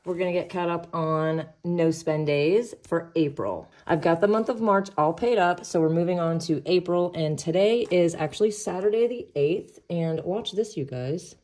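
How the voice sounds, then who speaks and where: A woman's voice: lowish voice, normal speed, hardly any pauses, darkish tone. A woman hosting a savings challenge vlog, chatting casually and upbeat with viewers, laughing often and a little out of breath. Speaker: savings challenge video host. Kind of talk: casual chat to viewers while doing crafts.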